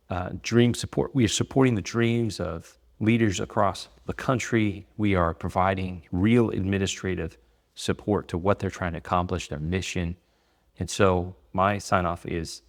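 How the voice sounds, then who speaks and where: A man's voice: low-pitched, gravelly. A man and business owner giving casual advice to the camera, conversational and rambling, with many fillers. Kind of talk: casual talking-head advice.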